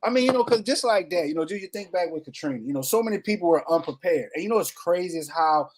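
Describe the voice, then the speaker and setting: High-voiced New Orleans co-host. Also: male voice, expressive, fast talker. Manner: hyped, repeats greetings, drawls "you know". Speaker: podcast co-host. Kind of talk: casual podcast chat.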